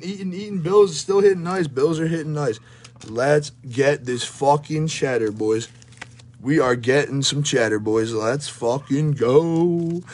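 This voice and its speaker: A man's voice: on the high side, a little mellow. A young man giving hyped, swearing commentary while opening trading card packs, rattling off player names and sounding out of breath. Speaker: card breaker. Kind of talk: live pack-opening commentary.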